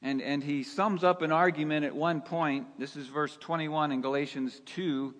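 A male pastor preaching a sermon, slow and emphatic, asking his listeners rhetorical questions. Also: a little high, fairly even intonation, a bit bright. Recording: long hall reverb.

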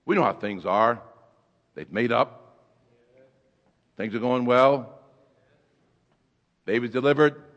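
A male pastor preaching a sermon, swinging from hushed storytelling to shouted exhortation. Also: medium pitch, slow, pauses often, long reverb tail, dull audio. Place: church sanctuary.

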